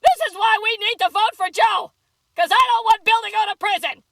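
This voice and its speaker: A woman's voice: very high-pitched, brisk, gravelly, a bit bright, no room sound, heavily acted. A woman doing a smug scheming politician spoof. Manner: smug, confiding, oblivious. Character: parody of a scheming female politician. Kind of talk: comedy sketch impression.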